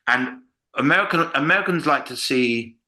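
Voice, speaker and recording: A man's voice: medium pitch, moderate pace. An English man, a comedian, chatting casually on a podcast and acting out quotes as he tells stories. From England. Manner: animated storyteller, acts out quotes. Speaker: comedian guest.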